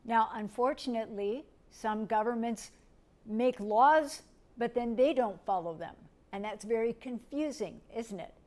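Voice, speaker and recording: A middle-aged woman from the United States, teaching a lecture in a gentle, step-by-step way and asking her listeners questions. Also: fairly high pitch, unhurried. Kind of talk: recorded lecture.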